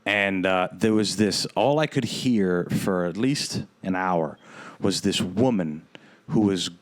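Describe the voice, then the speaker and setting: Young guy hosting a podcast, low voice, rambly and swears a lot, lots of ums. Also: slow pace. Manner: rambling, profane, lots of fillers. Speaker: podcast host. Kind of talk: casual storytelling chat.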